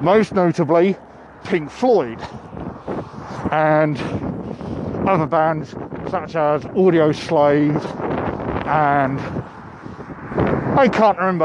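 A man hosting a podcast, talking casually to his listeners while walking outdoors, his voice muffled by a face mask. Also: fairly high pitch. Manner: chatty, addresses listeners directly. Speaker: podcast host. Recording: wind noise outdoors. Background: wind and urban street ambience.

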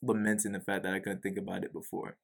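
A man's voice: deep voice, flat delivery, quick pace, vocal fry. A young man co-hosting a podcast in casual, joking chat, often saying "bro". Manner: laid-back, joking, says "bro" often. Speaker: podcast co-host.

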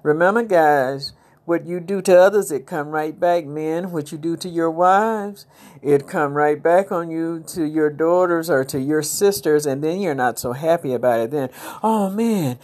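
A middle-aged woman with a low voice hosting her podcast. She rambles through a casual, uplifting monologue full of preachy asides to her listeners. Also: normal speed, a little mellow. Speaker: podcast host.

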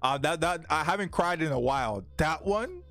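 A man's voice: a little high, brisk, pushed and bright. A young man hosting a casual podcast, joking in slang and laughing often. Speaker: podcast host.

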